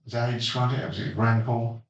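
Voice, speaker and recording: A man's voice: mid-range voice, monotone, fast, gravelly, lo-fi sound. A man hosting a casual podcast chat, leading the discussion with dry, teasing remarks and frequent chuckles. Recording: roomy, distant mic.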